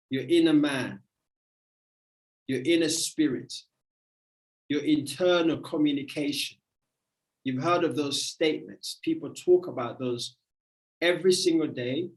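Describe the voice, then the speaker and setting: A motivational speaker giving a livestream talk, emphatic and repetitive in a preacherly way. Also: mid-range voice. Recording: roomy echo.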